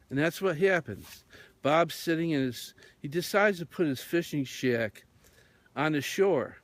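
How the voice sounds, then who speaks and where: A man's voice: a little high, lively intonation, measured pace. A man hosting on radio, telling a rambling story in a meandering way with many fillers. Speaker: radio host.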